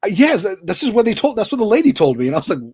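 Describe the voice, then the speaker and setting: A man co-hosting a relaxed podcast chat, his voice a touch high with a husky edge. He wanders through anecdotes and repeats what people told him in open disbelief. The sound is close and dry. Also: rapid-fire, no room sound. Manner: rambling anecdotes, incredulous quoting. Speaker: podcast co-host. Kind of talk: casual chat.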